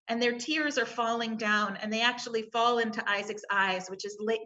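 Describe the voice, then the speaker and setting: A woman rabbi talks through scripture on a panel, retelling the story and posing questions to think over. Her voice sits a little high and sounds bright and forceful. The recording is dull and lo-fi.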